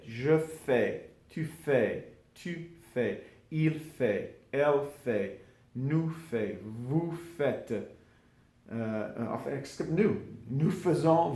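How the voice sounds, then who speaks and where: A man giving an informal French grammar lesson, drilling conjugations slowly and repeating each form with small asides. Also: medium pitch, a little mellow. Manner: slow, repetitive drilling with asides. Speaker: French teacher. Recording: echoey room.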